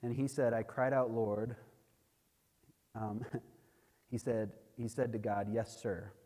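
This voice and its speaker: A man preaching as a missionary, telling a dramatic testimony that builds to loud, emphatic peaks. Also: mid-range voice, fairly even intonation, measured pace. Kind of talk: sermon testimony. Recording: long hall reverb.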